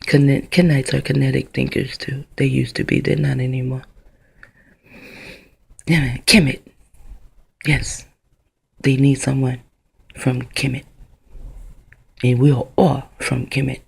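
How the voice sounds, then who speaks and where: A woman's voice: very deep voice, little pitch movement, measured pace, creaky, long pauses, a little mellow, slightly rough. A woman talking into her own camera in a rambling, profane vlog monologue that drifts from one idea to the next. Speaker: vlogger.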